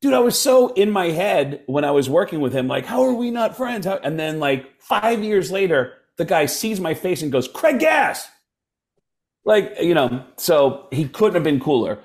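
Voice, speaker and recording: A man, a comedian, telling stories casually and animatedly, dropping into quick impressions of other people. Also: a little high, animated, a little mellow. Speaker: comedian guest. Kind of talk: casual storytelling.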